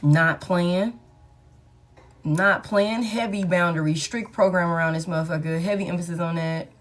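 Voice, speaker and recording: A woman's voice: fairly low pitch, moderate pace. A woman giving a casual collective tarot reading, blunt and slangy, swearing freely and hyping the listener up. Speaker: tarot reader.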